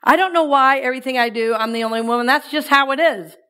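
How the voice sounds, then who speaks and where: A woman minister giving a sermon to her congregation, lively and playful, inviting listeners to repeat her lines. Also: high-pitched, fast, clear, resonant tone.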